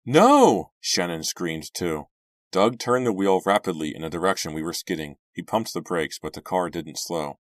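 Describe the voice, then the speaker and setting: Low-voiced male audiobook narrator. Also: moderate pace, no room sound, studio quality. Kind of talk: first-person audiobook narration.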